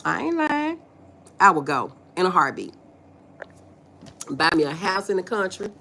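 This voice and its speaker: Speaking at an ordinary speed in a fairly low, husky voice, a woman with a Southern American accent runs a relaxed livestream. She animatedly reads viewers' messages and answers them with folksy humor, frequently breaking into laughter.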